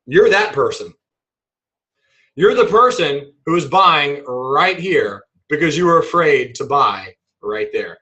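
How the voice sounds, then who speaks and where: Trading teacher dude, bright kinda sharp voice, upbeat and jokey in a webinar. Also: male voice, a little high, takes it slowly, highs cut off. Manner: animated, playful, acts out examples. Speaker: trading instructor.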